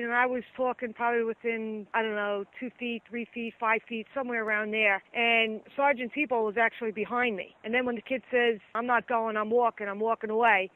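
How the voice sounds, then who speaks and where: A woman police officer, a guest on a phone-in interview, recounting an incident in emphatic detail and quoting what people said. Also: on the high side. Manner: detailed, emphatic storytelling with quoted dialogue. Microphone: telephone. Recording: tinny phone line.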